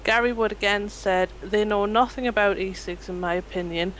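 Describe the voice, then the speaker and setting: A woman reading out viewer comments on a casual panel show, brisk and lightly amused. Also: medium pitch, fairly bright tone, slight background noise, rough recording. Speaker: chat reader.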